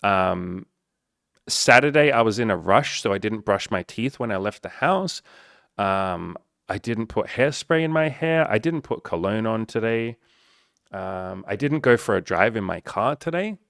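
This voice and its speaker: A man's voice: on the low side, lively intonation, measured pace, creaky, fairly bright tone, no echo, studio quality. A man speaking as a dating coach in a blunt, profane, emphatic motivational monologue.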